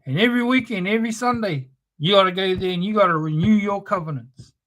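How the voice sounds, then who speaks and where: High, quick, and somewhat bright, the voice belongs to a streamer who confronts and lectures his audience. His passionate spoken-word tirade is loaded with profanity.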